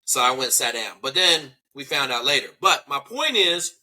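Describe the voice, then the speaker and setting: A man's voice: mid-range voice, big pitch swings, normal speed, pushed and bright. A man in his forties, a former special operations veteran, telling blunt, profane stories in a casual panel talk. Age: 40s.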